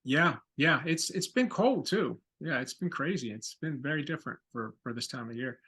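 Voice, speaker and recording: A man's voice: mid-range voice, expressive, normal speed, pushed and bright, husky. A man being interviewed as a guest over a video call, speaking in a laid-back way with short agreeing replies. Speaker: guest actor. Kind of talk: casual interview.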